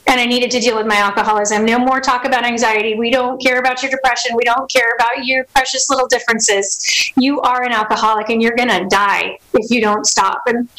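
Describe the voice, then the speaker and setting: A woman giving a personal recovery testimony, halting and emotional, with frequent restarts. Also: a little high, pushed and bright, low-quality recording. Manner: acts out remembered dialogue. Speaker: speaker sharing her recovery story.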